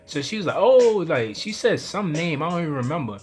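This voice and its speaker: A man, a spiritual vlogger telling a dream story to camera in a casual, animated way, acting out his own lines as quotes. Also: fairly high pitch, fairly quick, soft background music. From New York.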